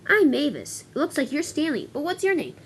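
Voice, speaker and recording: A firm little lady engine from a toy-train story, proper and quick to scold, as a woman plays her. Her voice sits high and rises and falls a lot. She runs the quarry with stiff manners. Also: sing-song, a little hiss or hum. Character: bossy female diesel engine, firm and proper.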